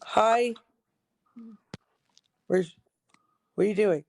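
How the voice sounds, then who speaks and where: A woman's voice: medium pitch, extremely slow, creaky, darkish tone. A young woman hosting her own show, reading news headlines aloud and reacting with blunt, sarcastic remarks and frequent laughs. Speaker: show host.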